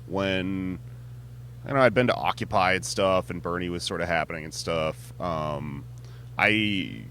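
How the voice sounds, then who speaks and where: A male comedian as an interview guest, talking in a relaxed, rambling way with lots of fillers and frequent laughs. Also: low-pitched, a little hiss or hum. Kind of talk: casual interview chat. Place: music venue on tour.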